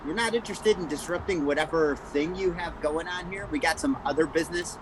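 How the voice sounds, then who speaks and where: A man's voice: fairly high pitch, brisk, background noise. A man playing a tabletop game, blunt and exasperated. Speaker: player. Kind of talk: casual tabletop play.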